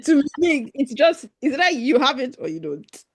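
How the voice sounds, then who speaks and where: A woman's voice: high-pitched, moderate pace. A young woman from Nigeria, a podcast guest chatting casually and laughing often as she acts out little quotes. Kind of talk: casual conversation.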